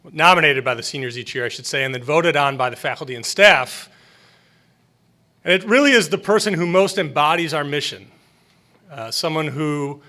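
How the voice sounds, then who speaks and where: A man, a school administrator, hosting an awards ceremony in an earnest, partly unscripted speech with filler pauses. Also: fairly high pitch, sharp tone.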